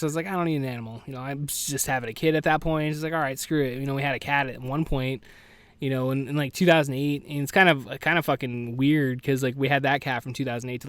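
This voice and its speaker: A man's voice: medium pitch, fairly bright tone, clear, resonant tone. A man hosting a podcast alone, rambling casually and subdued with grief, cursing often and saying "dude". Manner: rambling, profane, peppers talk with "dude" and "like"; subdued and grieving. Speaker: podcast host. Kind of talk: casual solo podcast monologue. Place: at home with farm animals nearby.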